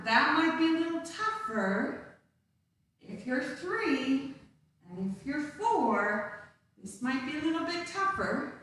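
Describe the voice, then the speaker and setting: A woman's voice: high voice, bright, forceful tone, a little hiss or hum. A woman teaching a live-streamed dance lesson to small children, upbeat and coaxing. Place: room at home, some distance from the camera. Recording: very echoey room, voice from far off.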